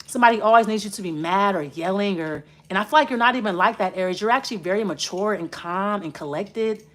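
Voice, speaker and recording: A woman in an unscripted tarot reading who swears freely and speaks bluntly, straight to the listener. Her sentences ramble and restart as she pulls cards. Her voice sits at an ordinary middle pitch. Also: fast, fairly bright tone. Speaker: tarot reader. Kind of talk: casual spoken tarot reading.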